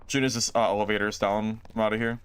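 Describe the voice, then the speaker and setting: A man's voice: on the low side, flat delivery, fast talker, background noise. A man streaming a game live, talking through play and answering chat in a self-mocking, exasperated way. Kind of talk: live gameplay commentary reading chat.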